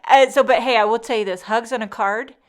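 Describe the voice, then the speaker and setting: A woman's voice: fairly high pitch, fairly even intonation, brisk, clean tone. A woman hosting a casual card-making tutorial, chatty and full of joking asides. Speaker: papercraft tutorial host. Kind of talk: casual craft tutorial narration.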